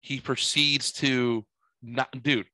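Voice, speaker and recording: Slow and mid-range, this man in his 40s spins a long, profanity-filled story in a casual conversation, rambling along animatedly. There's no room sound, and the recording is rough.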